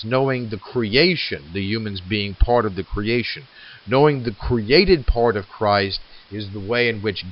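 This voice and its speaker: Male literature lecturer, low voice, reflective, muffled lo-fi recording. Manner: reflective, slows to read verse aloud, many fillers.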